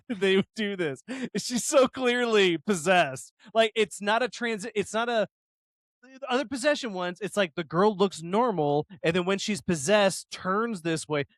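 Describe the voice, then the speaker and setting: High-pitched dude on a podcast, super animated, laughs a lot, dry close sound. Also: male voice, no room sound. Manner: animated, laughs often, acts out scenes. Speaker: podcast co-host. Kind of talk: casual podcast chat.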